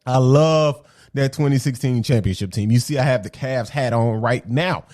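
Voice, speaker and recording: A man giving a casual, animated basketball opinion rant for his video channel. He repeats his points, drops slang and keeps asking "okay?". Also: medium pitch, normal speed, dry recording, clean studio sound. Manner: slangy and conversational. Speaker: sports commentary vlogger.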